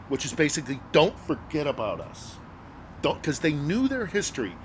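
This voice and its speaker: A man's voice: a little high, wildly swooping pitch, normal speed, slight background noise. A middle-aged man, a journalist guest, telling a story casually and earnestly, with many fillers and hesitations.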